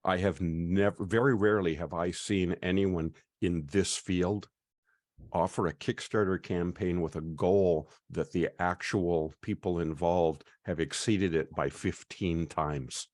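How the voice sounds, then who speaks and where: Male host, deep voice, easygoing and welcoming, online class on a video call. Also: steady tone, a little mellow, no echo, clean studio sound. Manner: chatty, welcoming, often pauses with "uh".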